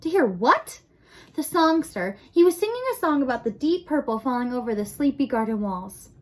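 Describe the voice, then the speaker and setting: A small, lovestruck young mouse from a storybook, as a woman puts him on, earnest and pleading. His voice rides high with a lively lilt. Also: normal speed.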